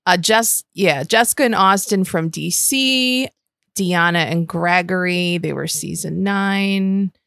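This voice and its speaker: A woman's voice: lowish voice, slow pace, gravelly, a bit bright, no echo, studio quality. A woman co-hosting a podcast in casual chat, talkative and chatty. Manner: chatty, reads names aloud. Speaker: podcast co-host.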